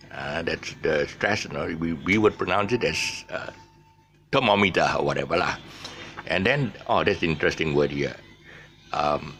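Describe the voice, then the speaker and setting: A man's voice: sits low, creaky, fairly bright tone. A man with a Malaysian English accent giving a casual spoken English lesson, rambling with restarts and drawing out long words. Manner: rambling, many restarts and tangents; drawls out long words slowly. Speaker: English teacher, channel host.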